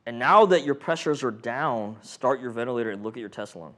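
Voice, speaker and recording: A man's voice: mid-range voice, brisk. A man teaching a paramedic training class in a casual, joking way, quizzing the room and acting out patients. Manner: joking, animated, acts out patient and monitor voices. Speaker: paramedic instructor.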